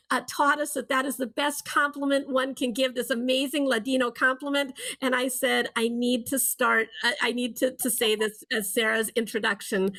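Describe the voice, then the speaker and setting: A woman with a high, bright-toned voice gushes as she introduces a fellow writer at a book launch. She talks in quick bursts and keeps restarting her sentences. Her voice sounds close and dry, with no room around it. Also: no room sound, poor audio. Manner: enthusiastic, restarts often. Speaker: co-author introducing a guest. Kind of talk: casual online event talk.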